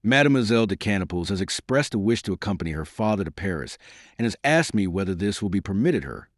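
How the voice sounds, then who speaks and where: A man's voice: lowish voice, very animated, fast, no echo, studio quality. A male narrator voicing an eager young lieutenant in an audiobook, pleading in a raised, protesting tone. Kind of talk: audiobook character voice.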